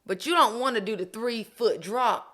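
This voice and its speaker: A woman on a faith podcast in casual chat, speaking in an excited, emphatic, almost preaching way. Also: a little high, moderate pace.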